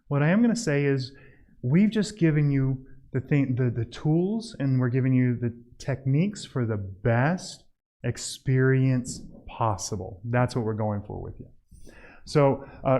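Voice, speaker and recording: Animated man coaching church outreach. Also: medium pitch, a little slow. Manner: animated, acts out doorstep scenes with a raised voice; admits he mumbles when tired. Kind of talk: casual training talk to a church group. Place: church hall.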